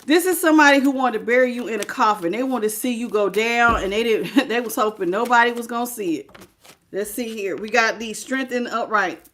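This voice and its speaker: A woman with a somewhat high voice reads tarot cards live. She chats casually, laughs often and greets viewers by name. She hammers home her points by repeating key phrases. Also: brisk, a bit bright, slight background noise. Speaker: tarot reader.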